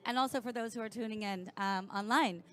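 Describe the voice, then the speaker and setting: Fast, upbeat woman moderator. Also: fairly high pitch, fairly bright tone. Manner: upbeat, gracious hand-offs. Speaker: panel moderator. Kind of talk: online panel moderation.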